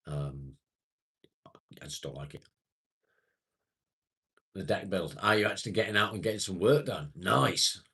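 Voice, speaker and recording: A man's voice: low voice, lively intonation, a little slow, creaky, pauses often, bright, forceful tone, breathy edge. A British man chatting casually and rambling to viewers on a livestream, swearing now and then. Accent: British English. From England. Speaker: live streamer.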